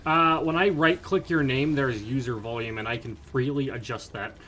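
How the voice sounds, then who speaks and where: A man's voice: medium pitch, steady tone, normal speed, fairly bright tone, a little hiss or hum. A man co-hosting a gameplay commentary, teasing and playful in casual chat over a voice call.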